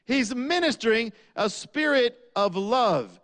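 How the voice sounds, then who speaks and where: A man preaching a sermon, asking rhetorical questions and dropping low on key lines. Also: expressive, takes it slowly, fairly bright tone.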